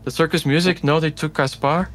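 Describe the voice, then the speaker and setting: A man's voice: fairly low pitch, moderate pace, faint music behind, close to an everyday voice. A man voicing a panicked old village mother who repeats herself in frantic loops.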